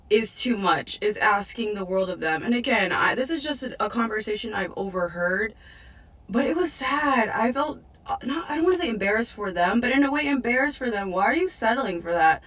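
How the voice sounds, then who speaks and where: A woman's voice: medium pitch, lively intonation, moderate pace, fairly bright tone, recorded from a distance, poor audio. A woman telling a story in a chatty, incredulous way. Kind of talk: storytelling vlog.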